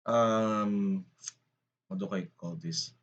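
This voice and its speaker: A man's voice: lowish voice, fairly even intonation, extremely slow, lo-fi sound, very noisy. A man from the Philippines, chatting casually on a livestream and ranting with lots of profanity. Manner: profane, rambling, frustrated ranting. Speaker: streamer. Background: background music.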